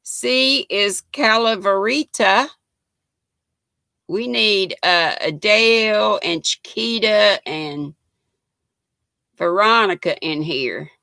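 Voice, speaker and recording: Slow, gravelly older Southern woman. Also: medium pitch, lively intonation, pushed and bright, no echo. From North Carolina. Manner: chatty and folksy, greeting viewers by name. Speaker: live-stream host. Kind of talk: casual live-stream chat reading viewer comments.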